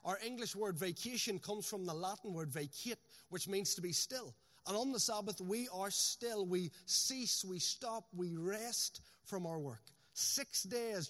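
A man, a pastor preaching a sermon with emphasis, slowing right down to stress his key phrases. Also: high voice, fairly bright tone. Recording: long hall reverb.

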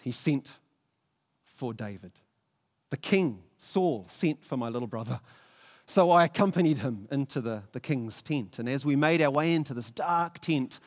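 A man telling a story in the first person with sweeping swings of pitch, dropping low for tense moments and rising high for drama. He stammers and repeats now and then. A long reverb hangs behind every line. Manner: vivid, halting, with stammered repeats.

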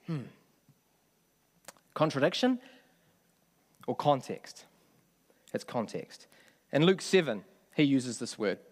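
A man's voice: mid-range voice, very animated, takes it slowly, long pauses. A man preaching a sermon in a conversational way, often asking the congregation questions. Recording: long hall reverb.

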